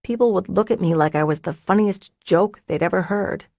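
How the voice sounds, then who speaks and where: A woman reading a troubled, withdrawn young man in an audiobook, speaking quietly and bitterly. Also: fairly low pitch, moderate pace, gravelly, no echo. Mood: anguished. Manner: bitter, self-blaming, quiet. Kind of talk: audiobook character voice.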